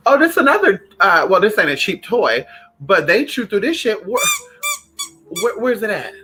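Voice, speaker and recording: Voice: mid-range voice, normal speed, background noise. A vlogger in a casual, profane rant to the camera, breaking off to call to their own dogs. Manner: animated, profane, talks to own dogs between remarks.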